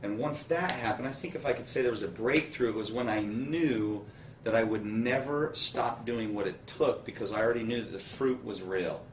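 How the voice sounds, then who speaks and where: A man's voice: medium pitch, moderate pace. A man being interviewed about his years in network marketing, speaking earnestly and laughing as he tells stories. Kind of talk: conversational interview. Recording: roomy echo, somewhat distant mic, faint background noise.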